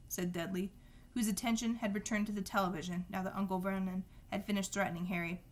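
A woman reads a novel aloud in a steady storytelling voice. Her pitch sits in the middle, and now and then she trips over a word and starts it again. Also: quick pace. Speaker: reader.

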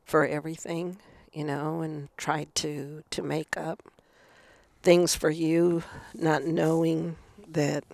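A woman's voice: low-pitched, little pitch movement, slow, gravelly, darkish tone, no room sound. A middle-aged woman speaking frankly as a guest in a candid conversation. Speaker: guest, mother of the host.

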